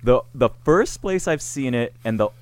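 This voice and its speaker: A man's voice: mid-range voice, animated, moderate pace, a little mellow, no room sound. A man co-hosting a podcast in casual chat, joking around and laughing often. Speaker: podcast co-host.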